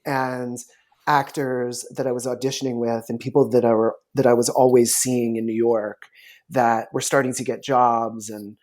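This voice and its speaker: A man of ordinary pitch talks in a relaxed podcast interview. He tells stories, and he acts out the people he quotes with lively shifts in voice. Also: moderate pace. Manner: storytelling, animated quoting of others. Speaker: talent manager.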